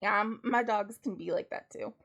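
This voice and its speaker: A woman's voice: mid-range voice, moderate pace, creaky, a bit bright. A woman streaming from home, chatting casually with lots of "like" fillers and ready laughter. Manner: chatty, with frequent 'like' fillers; laughs readily while telling stories. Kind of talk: casual chat.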